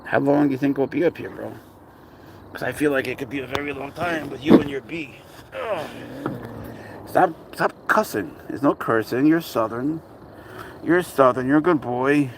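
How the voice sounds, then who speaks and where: Filming his cat at an outdoor playground, a man keeps up casual vlog chat full of profane, exasperated banter. His voice is medium in pitch and normal in speed, with noisy background sound.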